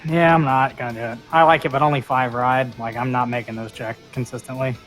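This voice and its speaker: A woman's voice: rumbling low, fairly even intonation, a little fast, soft background music. A woman playing a tabletop game, talking bluntly and swearing in casual banter. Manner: blunt and profane. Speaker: player.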